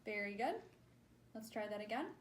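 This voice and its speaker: A woman's voice: medium pitch, expressive, normal speed, slight background noise. A woman speech clinician giving a therapy demonstration, patiently modeling words and praising each try.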